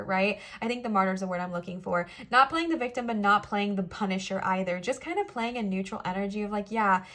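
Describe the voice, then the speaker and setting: Her voice is medium-pitched with a fairly bright tone. This young woman leads a pick-a-card tarot reading, staying chatty, playful and reassuring, and now and then voicing small quoted lines.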